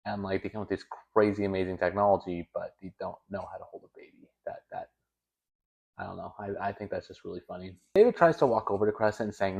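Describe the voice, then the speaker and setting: A man's voice: deep voice, fast, creaky, darkish tone. A young man hosting a video, telling a story in a casual, rambling way with stammers and self-corrections. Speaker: video host.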